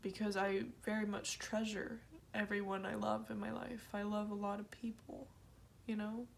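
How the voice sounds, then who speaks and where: A woman talking in a personal confessional vlog, halting and emotional, trailing off mid-sentence. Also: mid-range voice, little pitch movement, vocal fry, a little hiss or hum. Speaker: vlogger.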